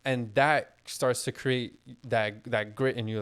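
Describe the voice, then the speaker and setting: A man's voice: medium pitch, slow, hardly any pauses, smooth. Blunt, swearing young man on a podcast. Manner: blunt, heavy swearing, animated. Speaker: podcast co-host. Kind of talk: casual podcast chat.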